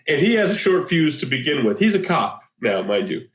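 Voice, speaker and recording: A man co-hosting a podcast, telling an animated story in casual chat and laughing often. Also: fairly high pitch, moderate pace. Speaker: podcast co-host. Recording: roomy echo.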